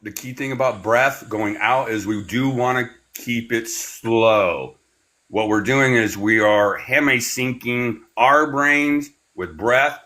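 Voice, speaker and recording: A man leading a spiritual class, talking in a meandering, unhurried way with many fillers and giving slow, soothing breathing cues. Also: medium pitch, bright, forceful tone. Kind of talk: guided breathing meditation class.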